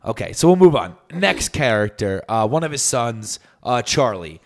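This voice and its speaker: A man's voice: medium pitch, big pitch swings, normal speed. A man from New York with a New York accent, co-hosting a comedy podcast, playful and explaining things step by step. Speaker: podcast co-host. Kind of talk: casual comedy podcast chat. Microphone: studio microphone.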